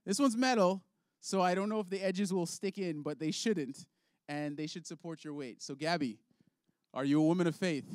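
A playful man runs a hands-on faith lesson for children and laughs easily with his young volunteers. His voice sits fairly high. The sound is dry, with little room echo. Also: normal speed, darkish tone. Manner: upbeat, playful, laughs often. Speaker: children's ministry leader. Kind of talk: object lesson for kids.

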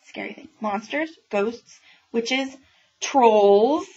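Chatty woman with a gravelly voice talking up books. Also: a little high, extremely slow, darkish tone. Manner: chatty and enthusiastic, with many ums and retellings. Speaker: librarian reviewing new children's books. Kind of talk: casual book talk. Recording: dull lo-fi sound with faint noise.

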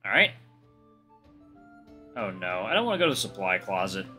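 A man's voice: deep voice, very animated, moderate pace, pushed and bright, soft background music. A man reading a visual novel aloud as a let's play host, with casual joking asides.

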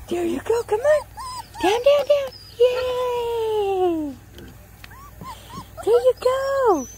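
A woman outdoors talking to puppies in a high, sing-song baby-talk voice. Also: expressive, a little slow, noisy background. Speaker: dog owner filming puppies. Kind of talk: casual chat to puppies. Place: outdoors in a yard.

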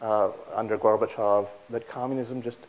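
A man hosting on stage, telling jokes in a halting way with many restarts. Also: fairly low pitch, fairly even intonation. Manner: halting, full of fillers and restarts. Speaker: host. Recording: dull lo-fi stage recording.

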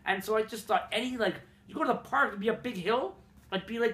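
A man's voice: sits high, fast, fairly bright tone, reverberant. A young man from Montreal, rambling and swearing as he tells funny childhood stories in a casual vlog. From Montreal, Canada. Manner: rambling, profane, self-mocking. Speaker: vlogger. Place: room in his apartment.

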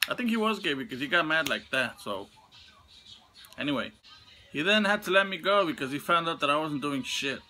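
A young man vents through a storytime vlog with a bright, ringing voice. He swears freely and his pitch spikes into angry highs. Faint music plays behind him. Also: expressive, a little fast. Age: young adult. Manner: profane, heated venting with sudden high outbursts. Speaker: vlogger telling a story. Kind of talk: casual storytime rant.

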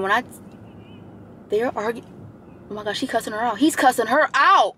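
A woman's voice: on the high side, a little fast, pushed and bright, slight background noise. A young woman with an American accent, chatting in a vlog, rambling with lots of fillers and preachy asides, recorded on a phone in a car. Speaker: vlogger. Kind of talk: casual vlog chat. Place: in a car, driving.

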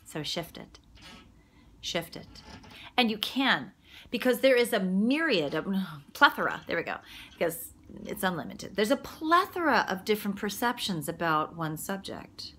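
Chatty, animated woman life coach. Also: medium pitch, measured pace, a little hiss or hum. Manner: animated and chatty, laughing at herself, dropping into soft whispers. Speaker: quantum healing practitioner and life coach. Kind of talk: casual motivational monologue.

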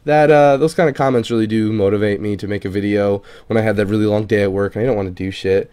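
A man's voice: lowish voice, fairly even intonation, fast, mellow, clear, resonant tone. A man casually reading viewer comments aloud for his gaming channel. He swears freely and trips over unfamiliar names. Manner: loose and profane, swears casually. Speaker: gaming video creator.

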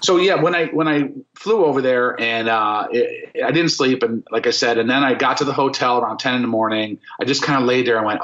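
A man in his fifties from Florida, a former rock bassist, telling stories as a podcast guest in an excited, rambling way with many fillers and restarts. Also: fairly quick. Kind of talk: casual storytelling interview. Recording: dull lo-fi podcast audio.

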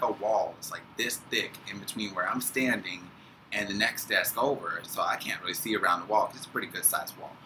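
Young male vlogger, lowish bright voice, animated storyteller, faint room noise. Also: low-quality recording. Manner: animated, acts out quoted people. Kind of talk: casual storytelling.

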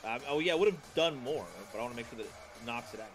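A man's voice: mid-range voice, very fast, faint music behind. A man chatting casually while playing a game on stream. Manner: animated, swings loud to quiet. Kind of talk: casual gameplay chat.

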